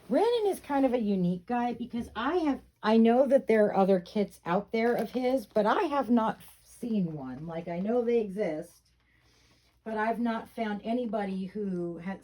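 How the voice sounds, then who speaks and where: A middle-aged woman who vlogs about reborn dolls chats casually, venting her frustration in between affectionate comments about her dolls and rambling with plenty of fillers. Her voice is medium-pitched and mellow, and the recording is rough.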